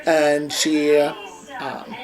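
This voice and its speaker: A man's voice: fairly high pitch, monotone, drawn-out words, crowd noise, low-quality recording. A young man telling a personal story at home in a vlog, rambling with many fillers and asides. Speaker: vlogger. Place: home bedroom with a TV on.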